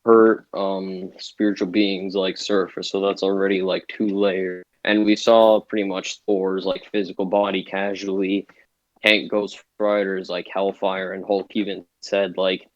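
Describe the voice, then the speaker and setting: Young male debater, low flat voice, halting and filler-heavy, dull dry lo-fi mic. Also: dry recording. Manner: hesitant, heavy filler words, loses track. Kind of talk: casual online debate.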